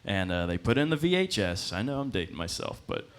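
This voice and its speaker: A man's voice: low-pitched, very animated, fairly quick. Young guy doing loose stand-up, lots of ums, laughs at his own lines. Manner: rambling, self-deprecating, with frequent fillers and laughs. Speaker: stand-up comedian. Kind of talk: stand-up comedy set. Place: comedy club stage.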